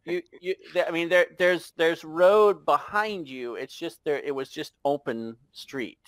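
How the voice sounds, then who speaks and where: A man narrating a tabletop game as game master, halting and chuckling as he goes. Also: on the high side, dry recording. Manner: halting, many fillers and restarts, chuckling.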